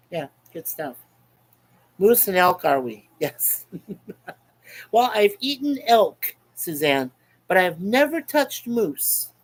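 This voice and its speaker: A man's voice: high-pitched, poor audio. A man hosting a casual webcam livestream, reading out chat comments in a rambling, chuckling, repetitive way. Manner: rambling, chuckling, repeats himself.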